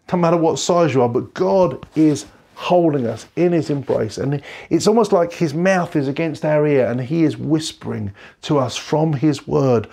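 A man's voice: a little high, darkish tone. A middle-aged man preaching an online sermon from a bedroom at home, earnest and repeating phrases for emphasis. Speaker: pastor.

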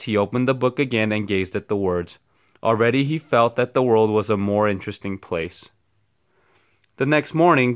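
A man reading a picture book aloud for children at a steady, expressive pace. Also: mid-range voice. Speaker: storyteller. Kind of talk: children's read-aloud storytime.

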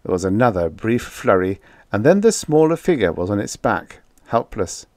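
A man narrating a science fiction audiobook in an expressive, lively reading. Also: on the low side, moderate pace, no echo, clean studio sound.

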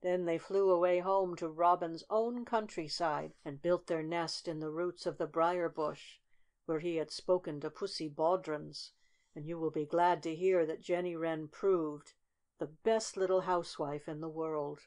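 A woman narrating a fairy tale audiobook in a steady, measured storytelling manner. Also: low-pitched.

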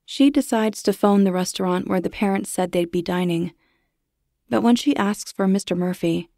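A woman narrating a horror story in a measured, hushed, suspenseful way. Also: on the low side, vocal fry, no echo, clean studio sound.

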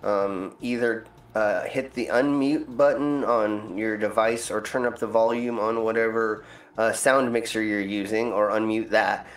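A man's voice: fairly low pitch, fairly even intonation, a little slow. A man hosting a game stream in casual chat, rambling with plenty of ums and uhs. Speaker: stream host. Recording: roomy echo, faint music.

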